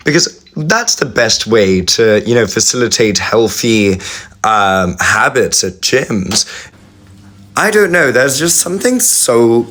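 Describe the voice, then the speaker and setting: A man's voice: medium pitch, big pitch swings, takes it slowly, a bit bright. A man ranting to his phone camera in a bemused, sarcastic way, swearing as he goes. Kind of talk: casual rant to camera.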